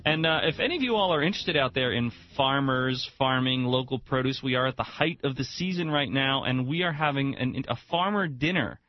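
Fast-talking Jersey radio host man. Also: medium pitch, animated, dry recording, faint music behind. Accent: New Jersey. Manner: quick, enthusiastic, opinionated. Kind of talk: casual radio chat. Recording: dull lo-fi radio broadcast.

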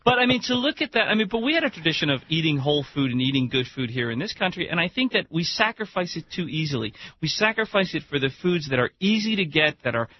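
A man with a New Jersey accent co-hosting a talk radio show in casual, animated chat, laughing often. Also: on the high side, quick pace, hardly any pauses. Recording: muffled radio broadcast with faint hiss.

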